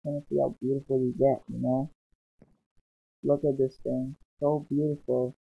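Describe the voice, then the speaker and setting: An excitable man chats his way through a gameplay session, rambling and gushing as he goes. His voice sits at an ordinary middle pitch, and the lo-fi recording sounds dull and muffled, with faint music playing underneath. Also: normal speed, vocal fry, breathy edge, no echo. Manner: excitable and rambling, often exclaiming. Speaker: gaming channel host. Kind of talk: casual gameplay commentary. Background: faint background music.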